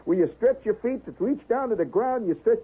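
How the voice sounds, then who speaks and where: A man's voice: high voice, animated, a little fast, slightly rough. A man telling a long comic story in a rambling way, peppered with "you know" and "see?", as a radio storyteller. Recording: tinny old radio broadcast.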